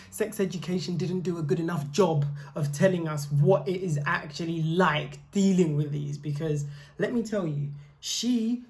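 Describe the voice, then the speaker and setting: A young woman co-hosting a podcast, telling stories in a casual, animated and slangy way. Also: fairly low pitch. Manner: animated, slangy, playfully exasperated. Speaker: podcast co-host. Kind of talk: casual storytelling chat.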